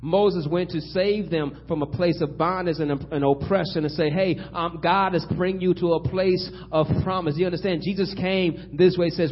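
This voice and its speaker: A man preaching a sermon, building to emphatic loud peaks and dropping to hushed tones, often acting out biblical figures in conversational asides. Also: high-pitched, steady tone, brisk, few pauses, lo-fi sound.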